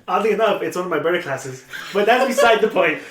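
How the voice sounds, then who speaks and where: A young man, a podcast guest, talking in a calm, measured way and clearing his throat often. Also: high voice. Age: young adult. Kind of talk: casual conversation. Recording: echoey room, mic at a distance.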